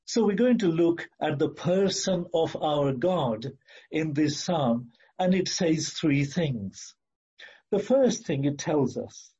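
A male preacher with a very husky, mellow voice delivers a sermon at an unhurried pace. The recording is dull and lo-fi. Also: on the high side, animated. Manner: slow and deliberate, repeating key phrases.

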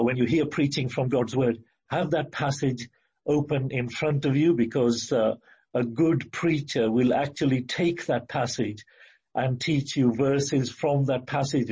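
Slow, husky-voiced man preaching a sermon. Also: medium pitch, a little mellow, muffled recording. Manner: slow, deliberate, emphatic with hesitant fillers.

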